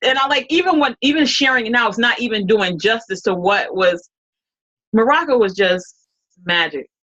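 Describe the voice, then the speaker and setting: A fairly high-voiced woman tells a story as an interview guest, rambling along with restarts and bits of quoted dialogue. The sound is dull and lo-fi. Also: animated, moderate pace, fairly bright tone. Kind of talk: casual storytelling.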